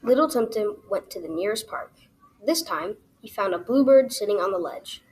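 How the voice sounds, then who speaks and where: A woman tells a children's adventure story aloud in an expressive storybook reading. Her voice is in a middle pitch range, and she puts lively emphasis into the narration as she reads. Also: moderate pace, slight background noise, rough recording.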